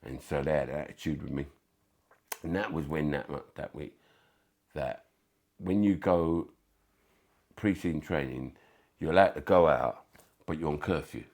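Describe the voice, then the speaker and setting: A former footballer recounting his playing days in a casual interview, animated and full of swearing, often acting out what others said. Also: extremely low pitch, moderate pace, long pauses. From England. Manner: animated, swearing, acts out quoted voices. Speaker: former footballer, podcast guest.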